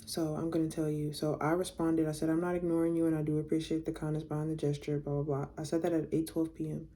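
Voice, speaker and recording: A woman's voice: deep voice, flat delivery, fast talker, dark tone. A young woman casually telling a storytime to her viewers, reading out text messages, candid and blunt, swearing freely.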